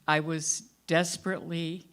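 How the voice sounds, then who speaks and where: A woman's voice: sits low, little pitch movement, normal speed, a bit bright. An older woman minister with a faded Southern accent, giving a candid, self-deprecating sermon about her own life to her congregation. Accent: Southern American, faded. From American South. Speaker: guest minister. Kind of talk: sermon with personal storytelling. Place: church sanctuary.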